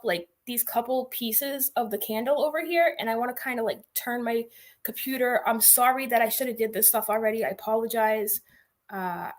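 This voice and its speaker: Chatty woman streamer with a bright, slightly high voice, loose and rambling. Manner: chatty, rambling, giggly, heavy on "like". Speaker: livestream host. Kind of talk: casual livestream chat.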